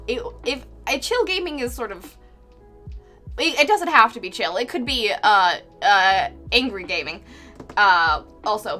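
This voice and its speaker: Bright-voiced chatty woman streamer. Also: fairly high pitch. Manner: chatty, reads chat aloud, frequent fillers and laughs. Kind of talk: casual live-stream chat while painting.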